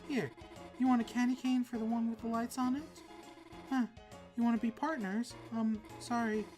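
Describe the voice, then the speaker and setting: A woman voicing a polite, shy female deer student with a gentle, friendly manner. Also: a little high, fairly even intonation, moderate pace, soft background music, voice pushed up, natural voice.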